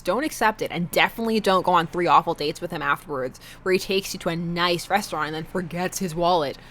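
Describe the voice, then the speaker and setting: A woman's voice: fairly low pitch, a bit bright, a little hiss or hum. Woman reading a teasing teenage girl. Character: sarcastic teenage daughter, fond of teasing.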